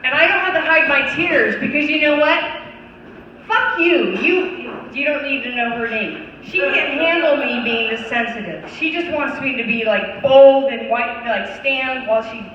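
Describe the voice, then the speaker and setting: A young woman doing a stand-up set with a fairly high voice, animated and swearing freely as she talks to the crowd. Her voice bounces around a big echoey room with a long tail, heard from a distance. The sound is a little dull and lo-fi. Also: normal speed, few pauses, a little hiss or hum. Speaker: stand-up comedian. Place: comedy venue. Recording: echoey club mic heard from far off.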